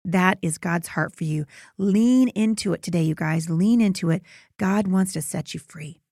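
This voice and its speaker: Middle-aged female podcast Bible teacher; earnest, conversational, slight vocal fry, dry close mic. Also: fairly low pitch, darkish tone, dry recording. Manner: conversational and earnest, reads scripture slowly.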